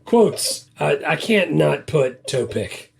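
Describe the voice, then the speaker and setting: A man from Louisiana co-hosts a movie podcast in an easygoing, wry way. His voice is gravelly and husky. It sits a little high for a man. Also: very animated, takes it slowly. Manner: laid-back, wry joking. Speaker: podcast co-host. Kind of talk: casual movie podcast chat.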